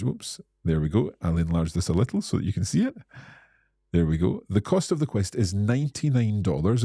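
Scottish male teacher hosting a live Q&A, low husky voice, friendly and explanatory. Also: warm tone, no room sound, clean studio sound. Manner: friendly, explanatory, reads out viewer comments. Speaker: English teacher and host. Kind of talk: live-stream Q&A.

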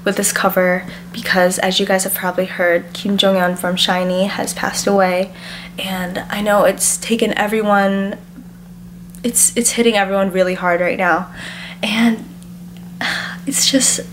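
A woman's voice: mid-range voice, flat delivery, slight background noise. A woman talking casually to the camera, teary and hesitant, often stopping and restarting. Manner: halting, hesitant and soft-spoken. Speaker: cover singer.

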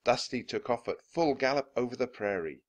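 A man reading a children's chapter book aloud, clear and deliberate for learners of English. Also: medium pitch, expressive. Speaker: storybook reader.

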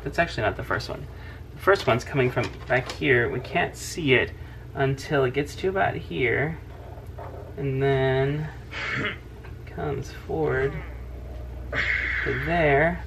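A man's voice: a little high, creaky, fairly bright tone, slight background noise. A man hosting a casual drawing tutorial, chatty and teasing as he narrates each stroke. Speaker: host, drawing teacher.

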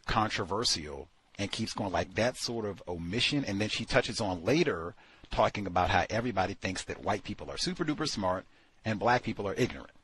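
A man's voice: on the low side, expressive, fairly quick, a bit bright, slightly rough. A man hosting a talk show, giving a blunt, dismissive critique and repeating his points. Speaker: radio show host. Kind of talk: casual critical commentary.

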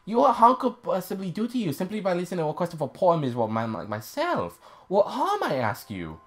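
A man's voice: huge pitch swings, fast talker. A man voicing a whiny male beggar with theatrical, wheedling pleas. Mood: pleading. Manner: theatrical, high whining pleas. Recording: faint music behind.

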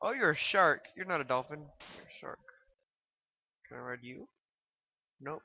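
A woman playing a let's play comments casually on her game, excitedly talking to the on-screen characters, swearing and giggling. Her low voice is a little slow with long pauses, on poor audio with loud background noise.

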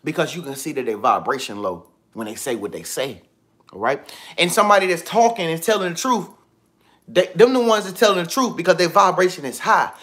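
A man giving casual motivational talk on a livestream, slangy and animated, repeating himself often. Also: on the high side, fairly quick. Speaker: vlogger. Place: indoors with TV and iPad.

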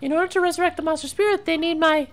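A man voicing an earnest, worried young princess in a high falsetto. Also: fairly even intonation, racing, fairly bright tone. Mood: urgent.

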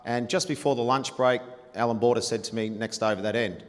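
A man's voice: medium pitch, steady tone, brisk. Australian man spinning a laughing yarn. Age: 40s. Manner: chatty, laughing, blunt and profane, with lots of ums. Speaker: guest storyteller. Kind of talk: after-dinner anecdote on stage. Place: large dinner hall. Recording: reverberant hall, faint room noise.

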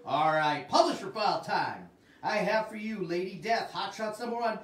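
A man hosts a livestream sales show with lively salesman patter, calling out to his viewers. His voice sits high. The sound is roomy and picked up from a little way off the mic. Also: normal speed, distant mic. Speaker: host. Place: Arizona.

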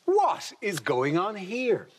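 A man hosting a comedy panel show, delivering brisk links between rounds. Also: high voice, huge pitch swings. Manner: brisk, announcing. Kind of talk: TV host links. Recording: loud studio audience and noise.

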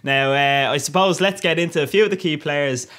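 A man's voice: a little high, fairly quick, fairly bright tone. A man giving casual, cheeky commentary over a football video game, cracking crude jokes. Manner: cheeky, crude joking with frequent laughs. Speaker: gaming YouTuber.

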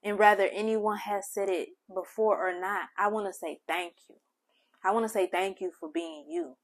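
A woman hosting a spiritual channel, speaking gentle, heartfelt affirmations straight to the listener. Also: medium pitch, normal speed. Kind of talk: affirming spiritual message to the viewer.

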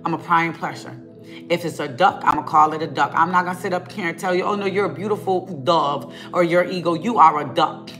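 A woman's voice: lowish voice, sharp tone. A woman ministering online, preaching a fiery rant at her viewers, emphatic and scolding, with lots of repetition and casual talk.

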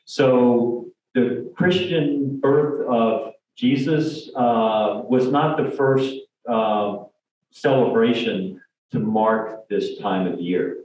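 A man's voice: medium pitch, extremely slow, darkish tone, slight background noise. A man giving a rambling church presentation, full of fillers, restarts and jokey asides. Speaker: lay speaker. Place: church hall. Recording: distant mic, echoey sanctuary, dull lo-fi sound.

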